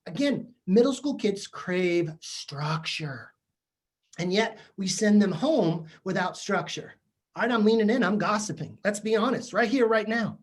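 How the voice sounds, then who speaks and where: A man's voice: sits high, expressive, unhurried. Male presenter, chatty and self-mocking, working humor into a training talk for teachers. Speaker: keynote speaker to teachers. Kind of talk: humorous professional development talk. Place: virtual session from home or office.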